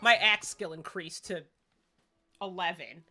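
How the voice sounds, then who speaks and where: A woman's voice: lowish voice, unhurried, bright, forceful tone, faint music behind. A woman livestreaming a game at home, chatty and self-deprecating in casual gameplay commentary.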